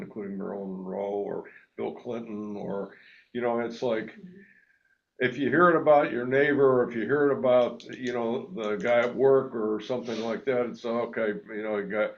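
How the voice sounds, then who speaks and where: A man taking part in a casual discussion, speaking in a reflective, low-key way. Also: creaky. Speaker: discussion participant. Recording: dull lo-fi sound.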